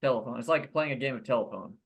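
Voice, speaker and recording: A man's voice: mid-range voice, lively intonation, rapid-fire, gravelly, breathy edge. A man co-hosting a podcast, talking in a laid-back, teasing way and laughing often during casual chat. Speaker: podcast co-host.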